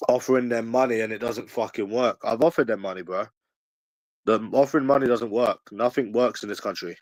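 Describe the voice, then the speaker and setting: A man's voice: mid-range voice, brisk. A man in his early twenties with a London accent talks casually to his livestream audience. He argues back at the chat in a defensive, slangy way and circles back to the same points. His mid-range voice sounds dry and close to the mic, with no room echo. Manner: defensive, argumentative, slangy, repeats himself. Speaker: livestream host.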